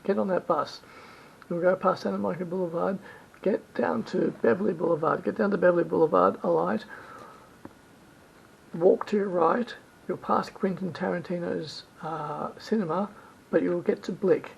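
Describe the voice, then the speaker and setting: A man with a high, heavily gravelly voice rambles through travel tips, circling back and restarting his sentences. The recording is dull and lo-fi, with a faint rumble underneath. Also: fairly even intonation, normal speed. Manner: rambling, repeats himself, self-corrects. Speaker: travel vlogger. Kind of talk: rambling travel advice monologue.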